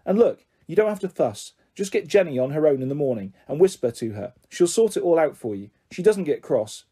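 A man's voice: a little high, very animated, a little fast, warm tone, breathy edge. A man reading aloud and voicing a bold, cheeky ten-year-old girl who lives in care, with a bossy, brash manner. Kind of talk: storybook character reading.

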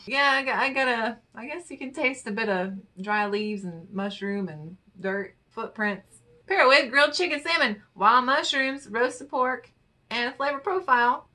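A woman's voice: on the high side, expressive, unhurried, bright, forceful tone. A woman vlogger chatting casually and playfully as she reads wine charts aloud, with muttered asides. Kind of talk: casual chat reading infographics aloud.

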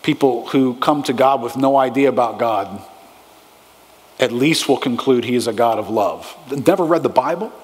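A man preaches a sermon at a moderate pace and medium pitch, asking his congregation frequent questions in an emphatic, rising style. Long hall reverb fills the church sanctuary recording.

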